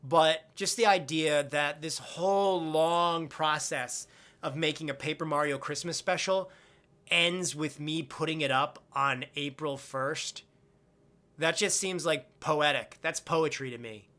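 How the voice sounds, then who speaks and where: Young guy streaming, kinda high bright voice, rambly and blunt, swears a bunch while reading chat. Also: measured pace. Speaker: live stream host. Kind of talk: casual live-stream chat answering viewers.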